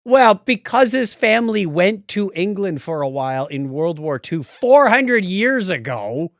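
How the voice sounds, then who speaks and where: A middle-aged man co-hosting a casual podcast, jokey and animated, with sudden loud exclamations. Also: high voice, a little slow, no echo, clean studio sound. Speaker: podcast co-host. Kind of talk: casual chat.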